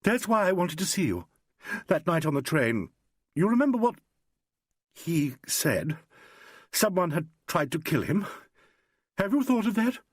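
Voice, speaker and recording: A man reading an audiobook, voicing a distraught young actress in a high, trembling, urgent voice. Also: huge pitch swings, brisk, slightly rough, dry recording, studio quality, full character voice.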